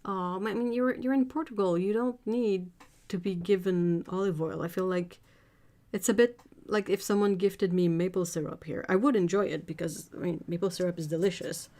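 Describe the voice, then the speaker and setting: A chatty, giggly art livestream host, a woman whose first language is French, reads out viewer comments in casual conversation. Her voice is low and mellow, at normal speed with fairly even intonation. She often trails off while looking for the right word.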